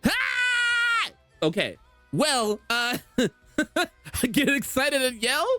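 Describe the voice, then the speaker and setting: Brief: lively, giggly streamer with a bouncy, wide-ranging voice; talks slowly into a dry, close mic. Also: mid-range voice, soft background music. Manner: giggly and animated, laughs often. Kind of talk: casual live game stream chat. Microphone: streaming microphone.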